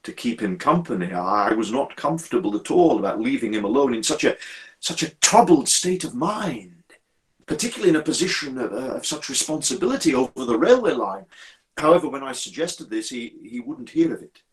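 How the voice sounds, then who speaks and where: A male storyteller narrating in a measured, formal way, now and then restarting a phrase. His voice sits at an ordinary middle pitch. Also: animated. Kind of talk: performed storytelling.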